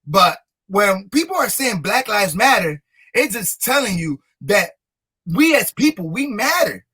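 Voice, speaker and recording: A man's voice: sits high, big pitch swings, unhurried, sharp tone, breathy edge. A young man, a rapper, talking in a casual interview in an emphatic, repetitive, motivational way. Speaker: rapper and guest.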